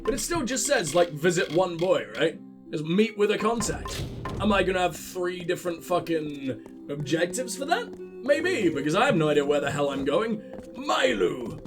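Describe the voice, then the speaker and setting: High, lively, foul-mouthed gamer. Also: male voice, moderate pace, music in the background. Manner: profane, sarcastic, rambling. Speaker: let's play host. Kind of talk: gaming commentary.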